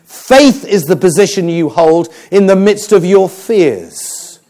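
A man preaching a sermon, moving between humour and hushed, serious storytelling. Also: sits high, takes it slowly. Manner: animated, humorous preaching with dramatic quiet passages.

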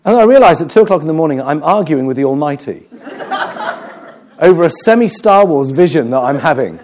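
A man's voice: a little high, brisk, slight background noise. Preacher guy, jokey storytelling sermon, voice bouncing all over the place. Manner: animated, joking storyteller.

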